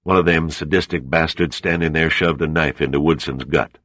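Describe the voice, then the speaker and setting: A man's voice: extremely low pitch, fairly even intonation, normal speed, fairly bright tone, dry recording, clean studio sound. A man doing a battered, mumbling salvage worker. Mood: bitter. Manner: mumbled, rough.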